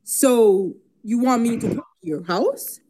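A woman voicing a calm, solemn male religious teacher, speaking slowly and gravely. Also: on the high side, noisy background, natural voice.

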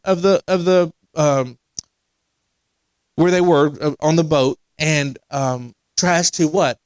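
Preacher guy, bit high voice, dry close mic, loose and repetitive then punchy. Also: dry recording. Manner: conversational preaching with repetitions and restarts, rising to emphatic. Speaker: pastor. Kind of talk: sermon. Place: church sanctuary.

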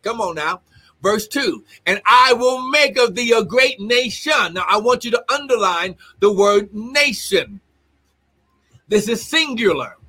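A man delivers a livestreamed sermon in a high, ringing voice. He reads scripture, talks back to the viewers, and bursts into loud shouts and exclamations. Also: husky. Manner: reads scripture aloud and comments. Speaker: preacher.

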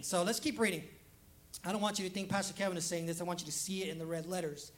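High-voiced male pastor preaching conversationally. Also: fairly even intonation, fast talker, a bit bright. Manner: conversational preaching that acts out short quoted voices; repeats words for emphasis. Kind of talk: sermon. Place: church service streamed live.

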